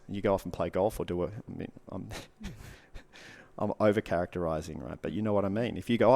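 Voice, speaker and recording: A man's voice: lowish voice, fairly quick, a little mellow. A man, a guest coach giving earnest advice in casual podcast talk, repeating short punchy phrases.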